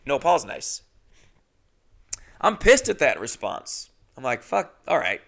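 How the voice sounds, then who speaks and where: A young adult man, a podcast host, telling a comedic story alone, indignant and swearing, jumping into high exaggerated voices when he quotes people. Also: big pitch swings, takes it slowly, creaky, fairly bright tone.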